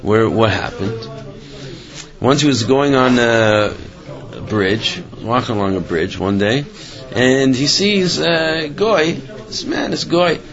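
A man telling stories in a Torah lecture, in a conversational, halting way with many fillers, in a slightly muffled recording. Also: mid-range voice, fairly bright tone. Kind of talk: storytelling lecture.

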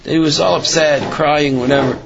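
A man telling stories in a Torah lecture, in a conversational, halting way with many fillers, in a slightly muffled recording. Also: a little high, steady tone, gravelly, over music. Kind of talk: storytelling lecture.

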